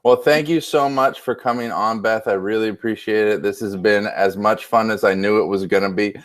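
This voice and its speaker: A man's voice: lowish voice, fairly even intonation, normal speed. Easygoing man hosting a chat. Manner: easygoing, affirming, laughs often. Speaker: host. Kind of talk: casual interview chat.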